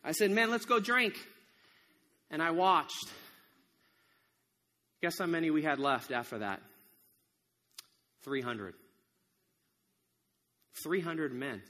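The biblical farmer-hero Gideon, played by a man in a dramatic monologue, timid yet bold. He tells his tale in a high, animated voice, by turns exasperated and wry. A long hall reverb trails every line. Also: takes it slowly, long pauses. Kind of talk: first-person dramatic monologue.

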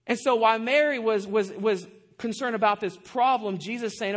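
High-voiced man preaching with animated delivery. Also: normal speed. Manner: animated, conversational preaching with asides to the congregation. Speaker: pastor. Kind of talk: sermon.

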